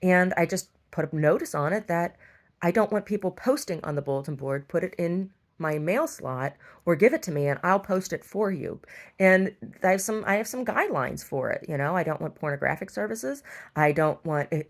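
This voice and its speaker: A middle-aged woman who owns a store, telling a long rambling story and getting exasperated, with many restarts. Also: lowish voice. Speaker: store owner. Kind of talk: casual storytelling monologue.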